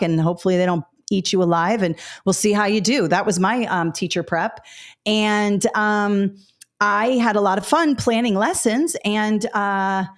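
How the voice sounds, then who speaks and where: A middle-aged woman hosting a live teaching webinar, talking directly and casually with frequent fillers. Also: mid-range voice. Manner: chatty, direct, many fillers and asides. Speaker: education webinar host.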